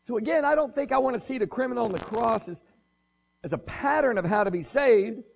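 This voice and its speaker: Male preacher, husky tone, relaxed conversational sermon with dry humor, muffled recording. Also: very high-pitched, a little fast. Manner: casual, joking, thinks aloud with restarts.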